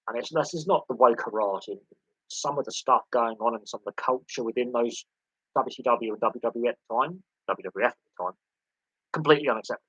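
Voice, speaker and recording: A man's voice: mid-range voice, fairly bright tone, slightly rough, dry recording. A man in his thirties hosting a casual sports live stream, rambling with fillers and restarts on a dull lo-fi mic. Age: 30s. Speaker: sports channel host.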